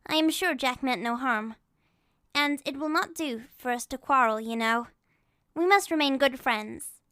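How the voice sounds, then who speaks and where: A man voicing a polite, gentle young boy in an audiobook, soothing and meek. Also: a little slow, clear, resonant tone, exaggerated voice. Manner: soothing, meek, high boyish voice. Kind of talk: audiobook character voice.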